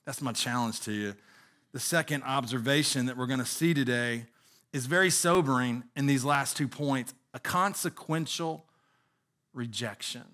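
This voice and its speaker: A man's voice: medium pitch, moderate pace, pushed and bright. A middle-aged man preaching a sermon as pastor, earnest, asking the congregation rhetorical questions.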